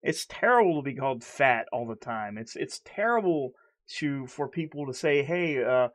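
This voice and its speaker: A man's voice: mid-range voice, sing-song, normal speed, a bit bright. A man in a candid personal vlog, talking earnestly and heatedly, stuttering and repeating himself. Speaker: vlogger.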